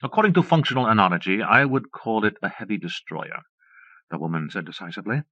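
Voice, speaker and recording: A man's voice: fairly low pitch, lively intonation, moderate pace, pushed and bright, dry recording. A man voicing a cold, snarling lab chief woman. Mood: decisive. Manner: snarling, decisive. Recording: dull dry cassette audiobook.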